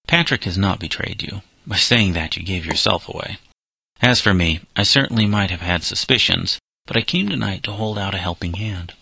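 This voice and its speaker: A man reading the part of a young farmhand who speaks calmly, firmly and earnestly. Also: low-pitched, moderate pace, vocal fry, slightly rough, no room sound, full character voice. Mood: stern, earnest. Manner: calm, firm and earnest. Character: calm, stern young farmhand trying to help.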